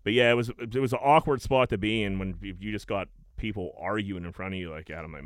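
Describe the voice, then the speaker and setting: A man in his thirties from Pittsburgh telling a long anecdote in casual podcast chat, swearing and animated. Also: on the low side, fast, no room sound. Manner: animated anecdote teller, swearing, many fillers. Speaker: podcast co-host.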